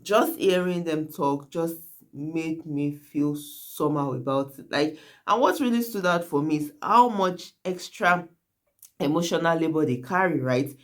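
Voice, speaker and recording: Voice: medium pitch, unhurried. A YouTube host talking earnestly to viewers in casual commentary, often checking in with "right?" and "guys".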